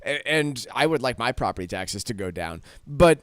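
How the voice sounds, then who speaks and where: A man's voice: mid-range voice, lively intonation, moderate pace, a bit bright, no echo. A man hosting a radio show in a studio, talking casually and with exasperation, rambling with restarts and lots of "like". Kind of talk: casual on-air talk. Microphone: studio microphone.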